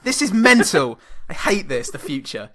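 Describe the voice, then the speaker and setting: A man's voice: fairly high pitch, big pitch swings, normal speed, pushed and bright. A man co-hosting a comedy podcast, recapping a plot with frequent laughs and casual swearing. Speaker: podcast co-host. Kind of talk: casual comedic film chat.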